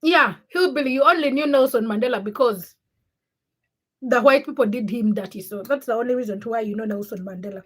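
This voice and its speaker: A woman's voice: fairly high pitch, a little fast, slightly rough. A young woman from Uganda hosting a casual livestream, reading viewer comments by name and teasing them. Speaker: livestream host.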